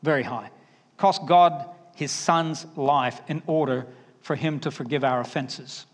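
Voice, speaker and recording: A man with a Southern accent preaching a sermon, emphatic and conversational, dropping to quiet asides. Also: a little high, a little slow. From Alabama. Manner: emphatic, varies loudness, drops to quiet asides. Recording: reverberant hall.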